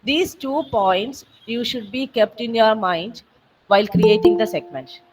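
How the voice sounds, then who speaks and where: A woman walks trainees through a program step by step on a video call. Her voice sits a little high and patient, pausing on fillers as she repeats the steps. The sound comes from a distant laptop mic. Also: over music. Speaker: software trainer. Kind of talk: online training session walkthrough.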